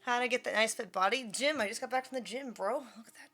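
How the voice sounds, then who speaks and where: A woman livestreaming, chatting casually, thanking subscribers and talking in a high sing-song baby voice to her dog. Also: fast, pushed and bright, soft background music.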